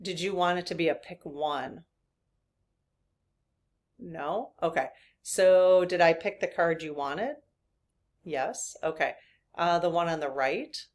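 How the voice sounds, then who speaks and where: A chatty woman in her fifties with a slightly low voice talks casually to her viewers as a spiritual reader. She rambles into side stories and laughs often. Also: slow pace, pauses often, a little mellow.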